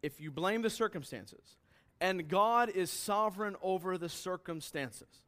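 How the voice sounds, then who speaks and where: A man preaching a sermon to a congregation, earnest and questioning, rising now and then to loud emphatic bursts. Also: high voice, a little slow. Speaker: pastor. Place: church hall with congregation.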